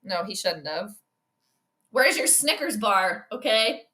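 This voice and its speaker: A woman hosting a casual live stream, commentating a football game, chatty and excitable, reading chat aloud and laughing often. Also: mid-range voice, takes it slowly.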